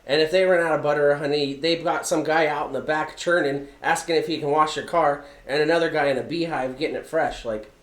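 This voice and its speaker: A man's voice: a little high, steady tone, a little fast, hardly any pauses, a bit bright. A man on a casual podcast, telling rambling anecdotes and giggling often at his own jokes. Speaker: podcast co-host. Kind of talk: casual storytelling chat. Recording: echoey room.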